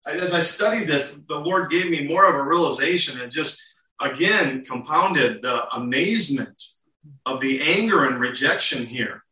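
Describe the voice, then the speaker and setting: A man's voice: a little high, lively intonation, normal speed, pushed and bright. A man preaching a sermon, teaching earnestly with rhetorical questions to the congregation. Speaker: pastor. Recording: roomy and distant.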